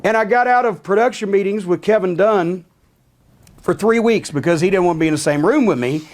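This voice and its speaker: A man's voice: sits high, a little fast. A middle-aged man telling a heated, profanity-laden backstage story as an interview guest, sardonic and blunt.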